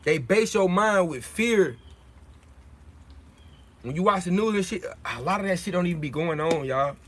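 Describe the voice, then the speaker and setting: A man's voice: high-pitched, expressive, moderate pace, slight background noise. A young man hosting a casual livestream, talking in streetwise slang in a preachy way, often repeating his points. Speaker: livestream host.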